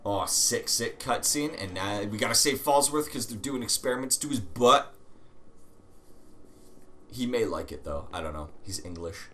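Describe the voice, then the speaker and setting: A man hosting a let's play, chatting casually over gameplay with sudden excited outbursts and swearing. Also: lowish voice, moderate pace.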